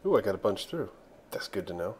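A young man casually commentating his own strategy game while he plays, excitable and talking to himself. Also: fairly low pitch, fast talker, a little hiss or hum. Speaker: gaming channel host.

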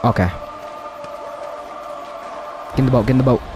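A young man commenting as he plays a horror video game, talking to his viewers, excitable and cursing, often yelling in fright. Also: mid-range voice, moderate pace, faint music behind. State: out of breath. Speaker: gaming video creator. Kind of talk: let's play commentary.

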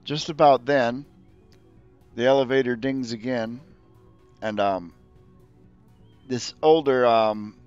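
A man narrating as game master in a relaxed way, pausing often with filler words. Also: mid-range voice, smooth, lo-fi sound, soft background music. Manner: relaxed, with frequent ums.

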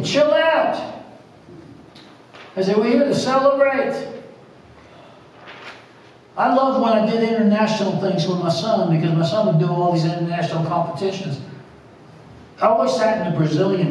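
A man's voice: sits high, darkish tone, recorded from a distance, slight background noise. A middle-aged man preaching a sermon, telling jokey stories and laughing often. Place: church sanctuary. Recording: echoey church hall, preacher off-mic.

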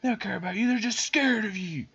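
A manipulative cartoon villainess, played by a man, speaks in a slow, high, silky voice. She sounds sly and controlling. The sound is dull and lo-fi. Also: creaky, a bit bright, husky, full character voice. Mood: scheming. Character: scheming evil cartoon woman, manipulative.

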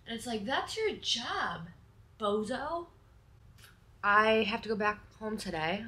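A woman's voice: medium pitch, pushed and bright. A young woman from Connecticut talking casually to camera for a vlog, chatty and self-deprecating, with lots of "like". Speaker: vlogger. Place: hotel room in bed and out in a city. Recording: faint background noise.

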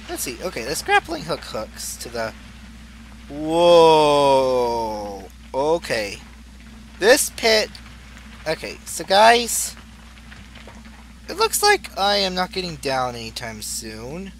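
A man's voice: on the high side, huge pitch swings, slow pace, pauses often, fairly bright tone, slight background noise. A young man giving rambling, goofy Let's Play commentary as a gaming YouTuber, laughing at his own jokes.

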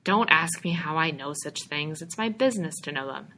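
A woman's voice: deep voice, animated, normal speed, sharp tone, full character voice, rough recording. A woman reading aloud, voicing a little middle-aged male stranger who is a patient, coaxing brush peddler.

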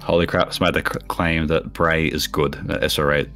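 A man casually commentating a video game match on stream, chatty and teasing, with quick bursts of excitement on plays. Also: very deep voice, faint music behind. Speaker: esports commentator.

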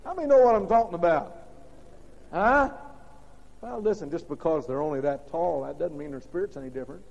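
A man preaching from the pulpit, his high-pitched voice carrying a mellow, warm tone. He swings between loud, punchy bursts and hushed, low asides. The old recording is dull and lo-fi, with a long reverb from a large sanctuary. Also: expressive, fairly quick, creaky. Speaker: pastor. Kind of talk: sermon.

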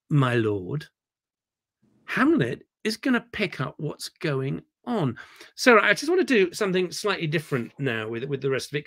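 A man directs actors over a video call, working through a scene in an online workshop. His voice sits fairly high for a man. He talks in an animated, digressive way and repeats words when he gets excited. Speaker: theatre director leading a workshop.

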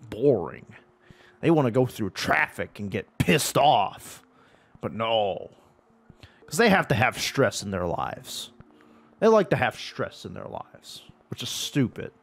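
A young man giving profane, exasperated commentary while playing a video game, talking at the game. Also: medium pitch. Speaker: gaming YouTuber. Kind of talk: frustrated gameplay commentary.

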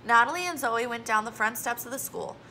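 A woman reading a children's novel aloud in a steady storytelling manner. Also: a little high, a little fast, slight background noise, low-quality recording. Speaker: audiobook reader.

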